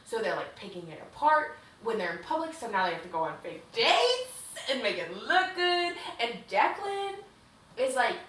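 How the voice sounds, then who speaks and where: A young woman co-hosts a podcast, retelling a book with gushing excitement, plenty of swearing and "like"s. Her voice is bright and sits a little high. She sounds set back from the mic in an echoey room with a faint hiss. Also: normal speed, distant mic. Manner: gushing, profane, filler-heavy retelling. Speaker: podcast co-host. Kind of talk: casual book recap chat.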